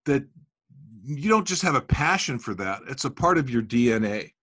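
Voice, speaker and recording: A man's voice: mid-range voice, animated, normal speed, fairly bright tone, slightly rough. A man hosting an interview, chatting enthusiastically and sharing anecdotes. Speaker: host. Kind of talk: interview chat.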